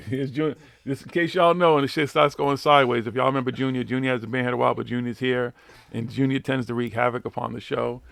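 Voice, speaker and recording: A man's voice: mid-range voice, level tone, fast, vocal fry, fairly bright tone, no room sound. A man with a Boston accent hosting a live radio show, rambling and swearing constantly in brash, casual chat. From Boston, USA.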